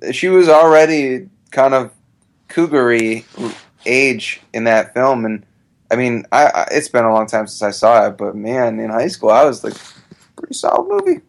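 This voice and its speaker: A man's voice: medium pitch, normal speed, creaky. A man co-hosts a casual movie podcast with friends. He jokes wryly and laughs a lot. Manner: joking, wry, laughs a lot. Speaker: podcast co-host.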